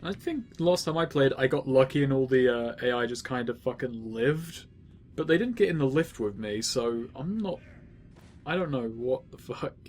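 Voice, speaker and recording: A man's voice: medium pitch, animated, normal speed, darkish tone, faint music behind. A young man chatting casually about a video game, laid-back and swearing freely. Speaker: let's play co-commentator. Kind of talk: casual gaming commentary.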